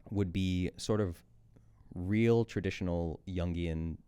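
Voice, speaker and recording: A man's voice: low voice, takes it slowly, warm tone, smooth. A man in his thirties, a podcast guest and coach, talking candidly and intensely, swearing freely. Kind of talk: candid conversational monologue.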